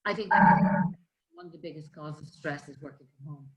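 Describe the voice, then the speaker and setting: A woman, a life coach, calmly explaining ways to manage stress with everyday examples. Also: low-pitched, brisk, dull audio. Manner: calm, explanatory, gives examples. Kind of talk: conversational coaching talk. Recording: roomy echo.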